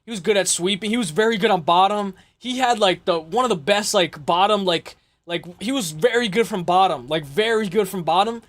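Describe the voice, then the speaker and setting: A young man with a high-pitched voice talks through upcoming fights in loose, casual chat. He rambles, circles back, repeats himself and swears freely, sounding excitable and unpolished. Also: brisk, hardly any pauses. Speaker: MMA podcast host.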